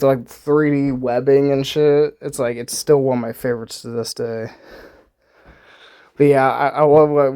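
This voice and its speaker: A man's voice: medium pitch, warm tone, clear, resonant tone. Rambling, profane young man reacting to a movie. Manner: rambling, profane, laughs often, many restarts. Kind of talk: casual movie commentary.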